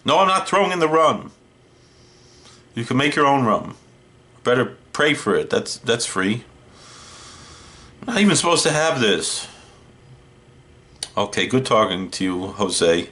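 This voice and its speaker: A man hosting a horror movie show, doing a comedic one-sided phone call in a deadpan, wry way. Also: medium pitch, a little slow, long pauses.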